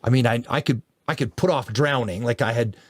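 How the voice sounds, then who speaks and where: A man's voice: medium pitch, fairly quick, dry recording, clean studio sound. A man in his forties from Canada, an endurance coach telling his story as a guest in a casual, enthusiastic way. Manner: lively, enthusiastic, laughs through stories.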